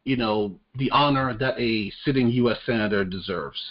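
A man in casual podcast talk, blunt and unfiltered, who curses freely and trips over repeated words as he restarts. His voice sits at an ordinary pitch. The recording is slightly dull and muffled. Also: moderate pace, crowd noise. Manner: blunt, profane, stammers on restarts. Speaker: podcast co-host. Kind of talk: casual political chat. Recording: muffled lo-fi audio.

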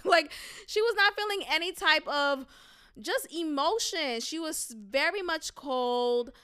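A woman hosting a solo commentary podcast, talking in an animated, sassy way with mocking rhetorical questions and frequent laughter. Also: high-pitched, slow. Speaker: podcast host.

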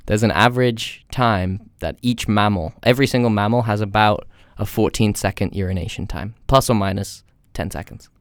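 A young man hosting a podcast in a casual chat, playful and teasing, quick to laugh. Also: lowish voice, no echo, studio quality. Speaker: podcast host.

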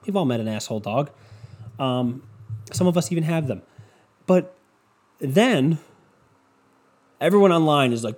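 Young man, podcast host, swearing rant, sarcastic, slightly high voice. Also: unhurried, pauses often. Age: 20s. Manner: profane, sarcastic, animated impressions in quotes. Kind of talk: ranting comedic storytelling.

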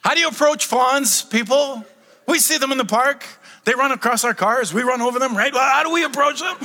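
A middle-aged man preaching a sermon, animated and humorous, rising to excited shouts as he teaches. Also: very high-pitched, fairly quick, big-room sound. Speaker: pastor.

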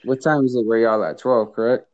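Mellow-voiced male podcast host, slangy. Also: mid-range voice, fairly even intonation, brisk. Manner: slangy, profane, laid-back. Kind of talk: casual podcast chat. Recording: dull lo-fi audio.

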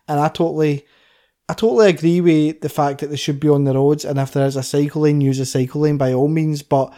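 Mellow-voiced Scottish man chatting. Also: fairly high pitch, steady tone, a little fast. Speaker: podcast co-host. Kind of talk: casual chat.

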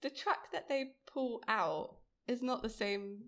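A woman's voice: a little high, animated, slow, a bit bright. A woman co-hosting a podcast, chatting casually about a TV episode, laughing often. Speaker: podcast co-host. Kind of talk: casual chat recapping a TV episode.

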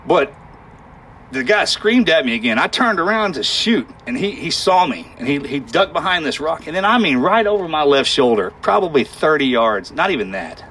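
A man telling a harrowing war story in conversation, halting and emotional, with sighs and restarts. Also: on the high side, very animated, a bit bright, a little hiss or hum.

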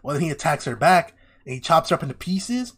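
A young man in casual chat, retelling a story with lively acted-out voices and lots of swearing. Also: on the high side, quick pace, slightly rough. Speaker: podcast co-host. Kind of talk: casual chat, animated retelling of an anime plot.

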